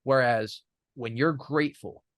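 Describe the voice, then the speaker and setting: A man's voice: mid-range voice, unhurried, a bit bright, no echo, clean studio sound. A man as an interview guest, telling a personal story in an earnest way, with many fillers and restarts.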